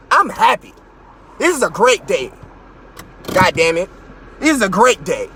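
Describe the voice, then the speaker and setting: A man hosting a podcast, in a loud, mocking, boastful rant from his car, with his voice leaping up in outbursts. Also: high voice, expressive, measured pace, breathy edge. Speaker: podcast host. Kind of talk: profane comedic rant.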